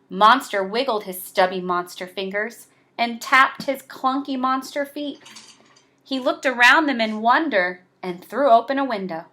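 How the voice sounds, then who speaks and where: A woman reading a children's picture book aloud, slow and expressive. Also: a little high. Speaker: storybook reader.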